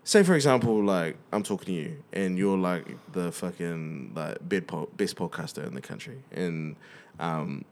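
A young man from New Zealand with a New Zealand accent, a comedian chatting as a podcast guest, animated and swearing freely. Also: sits low, moderate pace, few pauses. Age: young adult. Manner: animated, swears freely, says bro a lot. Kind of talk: casual podcast chat.

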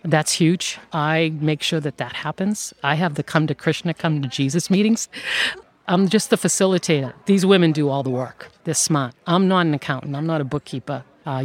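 A woman who runs an outsourcing firm, telling stories in an interview in a lively way and laughing often. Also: low-pitched, a little fast. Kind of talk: conversational interview storytelling.

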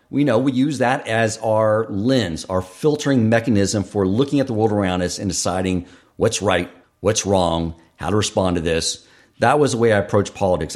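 A man with a somewhat low-pitched voice hosts a podcast alone. He talks in an earnest, reflective way, working through his thoughts out loud and telling personal stories between his points. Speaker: podcast host.

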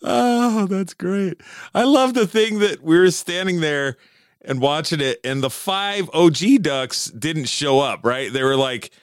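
A man's voice: a little high, unhurried, smooth, no room sound, studio quality. A man hosting a casual interview, responding often, laughing along and affirming what his guests say.

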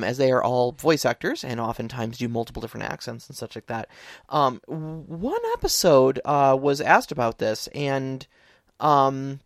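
Man, podcast co-host, casual chat, halting, lots of fillers, mid-pitched, dry close sound. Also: no room sound. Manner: halting, many fillers and restarts. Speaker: podcast co-host and game master.

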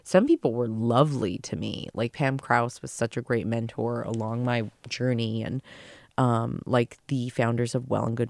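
A woman's voice: rumbling low, creaky, darkish tone, no room sound, studio quality. A woman giving earnest, rambling life advice in a casual monologue, emphatic and now and then swearing. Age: adult, past early career. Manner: earnest, rambling, emphatic, with fillers and the odd curse.

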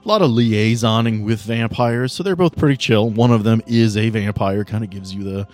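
A man's voice: medium pitch, lively intonation, moderate pace. A man narrating a tabletop game as game master, in a loose, joking way.

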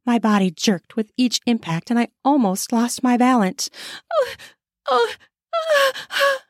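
A woman's voice: on the high side, normal speed, a little mellow, dry recording, studio quality. A woman reading her own erotic short story aloud in an intimate first-person style. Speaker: narrator and author.

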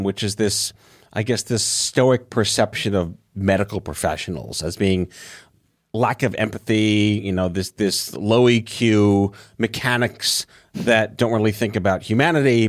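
Joking podcast host asking rambling questions. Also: male voice, fairly low pitch, a little slow. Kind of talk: casual podcast interview.

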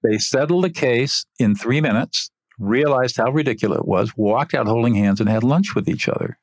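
An older man, an interview guest, telling a story from his work in an earnest, animated way. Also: medium pitch, moderate pace, dry recording, clean studio sound.

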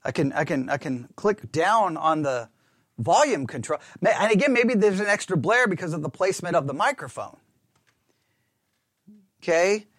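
A pastor chatting in a rambling, animated, self-mocking way while testing his lapel mic in a small closed-in room. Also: high voice, moderate pace, dry recording, clean studio sound. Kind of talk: casual talk while testing a microphone. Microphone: wireless lapel mic with belt-clip transmitter.

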